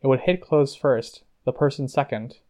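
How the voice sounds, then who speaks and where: Reading from a novel, an audiobook narrator delivers his scripted lines in an even, measured tone. The man's voice sits at a medium pitch.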